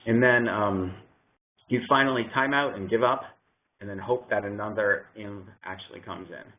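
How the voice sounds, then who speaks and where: A man with a low voice walks through a technical slide at a conference, stopping often on ums and uhs. The sound is thin and tinny, as if heard over a phone line. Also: moderate pace. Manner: hesitant, many ums and uhs; explanatory, working through a slide aloud. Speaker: conference presenter.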